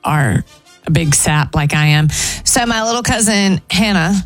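A woman's voice: fairly low pitch, animated, a little slow, soft background music. A woman hosting a radio show, chatting emotionally and gushing about her family. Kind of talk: casual radio chat.

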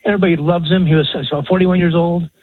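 A man's voice: high-pitched, little pitch movement, breathy edge, dry recording. Emotional older man on the phone. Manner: emotional, halting. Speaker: caller. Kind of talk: call-in radio talk. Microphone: telephone. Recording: tinny phone line.

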